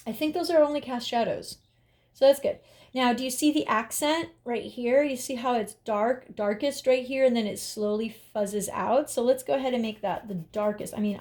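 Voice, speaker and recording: A woman's voice: a little high, darkish tone. Upbeat woman teaching a drawing lesson. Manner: upbeat, encouraging, talks while drawing. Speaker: art teacher.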